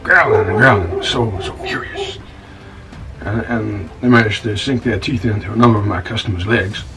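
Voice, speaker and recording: A stammering aggrieved bar owner. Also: male voice, lowish voice, lively intonation, moderate pace, far from the mic, rough recording. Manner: stammering, repeats words, calls the listener "son". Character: rough, self-pitying male bar-owner scoundrel. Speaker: bar owner recounting his troubles. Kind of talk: monologue in a comedy-drama web series.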